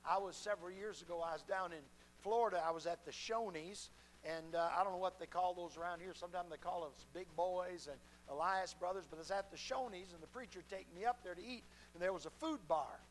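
A middle-aged male pastor with a fairly high voice delivers a sermon full of folksy anecdotes. His delivery is emphatic, rising loud and then dropping soft. A faint hum sits under the recording. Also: brisk, low-quality recording.

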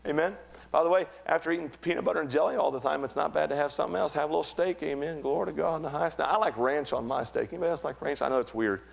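Animated preacher man. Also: on the high side, rapid-fire, gravelly. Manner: animated preaching with humor and acted quotes. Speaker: pastor. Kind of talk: sermon.

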